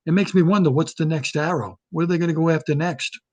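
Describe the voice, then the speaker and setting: A man delivers a comic political rant straight into his webcam. His voice is husky and sits a little high for a man. He talks in a heated, indignant way and circles back over the same points again and again. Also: fast talker. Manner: heated, repetitive, indignant ranting. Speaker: comedic ranter. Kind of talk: satirical political rant to camera. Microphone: webcam or laptop camera.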